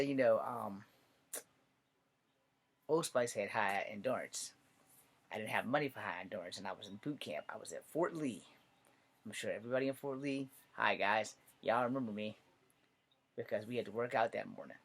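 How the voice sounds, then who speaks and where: A man's voice: on the low side, moderate pace, vocal fry, pauses often, fairly bright tone. A man from the United States spinning loose, profane stand-up stories. He rambles from one tangent to the next and laughs at his own punchlines, in an easy amateur delivery. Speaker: amateur comedian.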